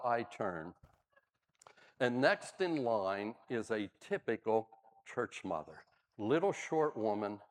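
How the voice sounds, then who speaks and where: A man's voice: medium pitch, in a large hall. An older man, a pastor, preaching a sermon, telling stories with dry humor. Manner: animated storyteller, dry humor. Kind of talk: sermon with storytelling.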